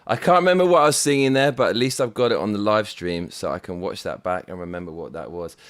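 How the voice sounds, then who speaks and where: A man's voice: lowish voice, expressive, fast, clean tone, no echo. A man working in a music studio during a live stream, muttering half to himself and humming melody ideas between sudden bursts of hype. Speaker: rapper and producer.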